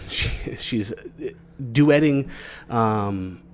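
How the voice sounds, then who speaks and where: A man's voice: mid-range voice, very slow, slight background noise. A man from the United States co-hosting a podcast, chatting casually, swearing and laughing a lot. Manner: profane, joking, laughs often. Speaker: podcast co-host.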